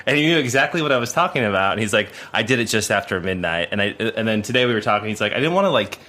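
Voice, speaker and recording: A man's voice: on the low side, lively intonation, rapid-fire, sharp tone. A man producing a podcast, chatting casually and rambling with lots of fillers and restarts. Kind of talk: casual chat.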